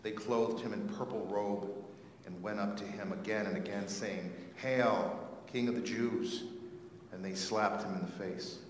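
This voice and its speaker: A man reading scripture aloud clearly and expressively in a church service. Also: fairly low pitch, little pitch movement, moderate pace, slight background noise. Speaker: scripture reader. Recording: echoey church with long reverb.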